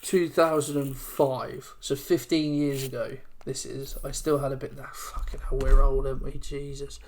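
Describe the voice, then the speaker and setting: A man's voice: medium pitch, flat delivery, moderate pace, slight background noise. A young man in his twenties co-hosting a casual gaming podcast, chatting loosely and stumbling a little when he reads aloud. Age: 20s. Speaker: podcast co-host. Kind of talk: casual chat.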